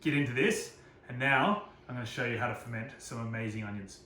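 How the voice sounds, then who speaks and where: A man's voice: medium pitch, fairly quick, roomy sound. A man giving a casual cooking demonstration, chatty and self-deprecating, joking about his own slips.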